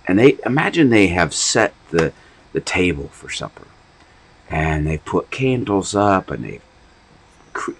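A man's voice: very deep voice, breathy edge, poor audio. A man giving an informal, rambling sermon on a podcast, talking conversationally with many restarts. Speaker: preacher.

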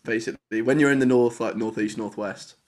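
A man's voice: medium pitch, steady tone, fairly quick. A man co-hosting a casual podcast, joking around and slipping into exaggerated regional accents. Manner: jokey, slips into exaggerated British regional accents. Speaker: podcast co-host.

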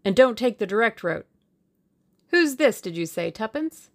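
A woman voicing a bold young man, speaking in a brisk, laconic, breezy way. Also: a little high, sing-song, pitched above the performer's own voice.

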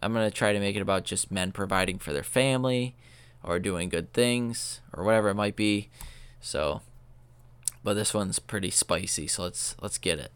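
A man's voice: lowish voice, normal speed, clean tone, no room sound. A young man hosting a podcast, telling a story in loose, profane chat full of fillers. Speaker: podcast host. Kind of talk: casual rambling storytelling.

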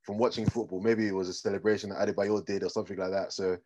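Low-voiced, laid-back man. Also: very fast, low-quality recording. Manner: relaxed, rambling storyteller. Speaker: podcast co-host. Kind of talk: casual sports chat.

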